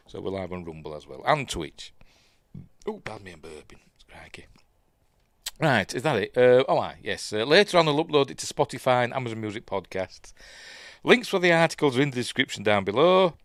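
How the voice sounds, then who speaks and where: A Yorkshire man with a low voice chats his way through a live news stream, wandering off into muttered asides. His pitch swings a lot as he talks, and the sound is close and dry. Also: no room sound. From Yorkshire, England. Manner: rambling, chatty, breaks off to mutter about the stream.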